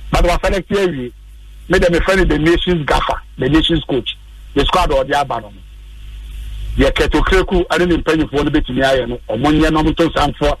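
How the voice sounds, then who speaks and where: A man's voice: fairly high pitch, a little fast, husky, no echo, recorded from a distance, poor audio. A man with a Ghanaian accent giving passionate, urging sports commentary on a radio show. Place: radio studio.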